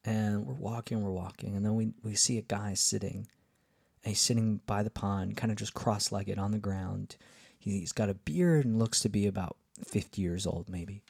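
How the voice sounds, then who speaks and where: A man's voice: on the low side, normal speed, vocal fry, darkish tone, breathy edge, no echo. A man hosting a podcast, telling a casual travel story in a rambling way, with lots of fillers and restarts. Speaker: podcast host.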